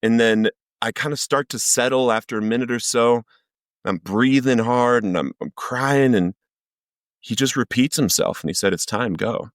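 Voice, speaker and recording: A man's voice: medium pitch, moderate pace, no room sound, clean studio sound. A man, a podcast guest, giving an earnest personal recovery testimony as vivid storytelling that acts out the lines he quotes.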